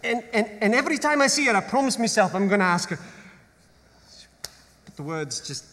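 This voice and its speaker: A man's voice: sits high, big pitch swings, a little fast, bright, forceful tone, full character voice. A man playing a shy, working-class teenage boy who stammers and speaks bluntly on stage. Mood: flustered. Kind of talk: stage musical acting. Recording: stage recording in a large hall with music.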